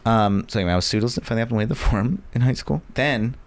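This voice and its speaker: A man from Virginia, United States, speaks very fast in a mid-range voice as a guest on a podcast. In casual conversation, he tells self-deprecating stories laced with mock boasting.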